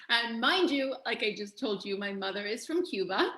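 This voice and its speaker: Bright, animated middle-aged woman telling stories. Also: a little high, unhurried. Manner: animated, laughing storyteller. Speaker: podcast guest, health and life coach. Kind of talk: casual interview storytelling. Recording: echoey room.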